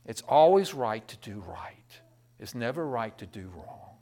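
A man preaching a sermon, swinging between loud, impassioned proclamation and quiet storytelling. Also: mid-range voice, sing-song, unhurried.

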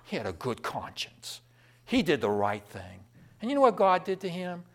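An impassioned man preaching a sermon in a high, lively voice. His pitch leaps about as he moves from ringing proclamations down to hushed, intimate storytelling. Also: normal speed. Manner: impassioned, swings between loud proclamation and quiet storytelling.

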